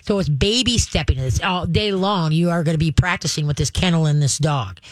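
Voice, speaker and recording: A woman with a low voice hosts a radio call-in show, speaking a little fast and chatting casually about dog training. She laughs often and acts out the dog's possible thoughts, her studio mic giving a dry, close sound.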